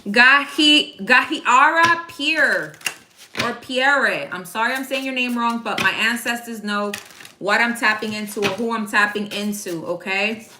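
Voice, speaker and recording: A woman's voice: fairly high pitch, normal speed, noisy background. A woman giving a casual live tarot reading, chatty and slangy, speaking straight to her viewers by name. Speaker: tarot card reader. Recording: echoey room.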